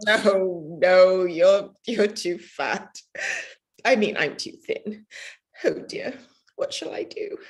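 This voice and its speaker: A woman reading the part of a tearful, melodramatic young bride in an amateur play reading. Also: drawn-out words. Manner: fretful, theatrical, lively pitch. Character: tearful young bride on her wedding morning, dramatic and romantic.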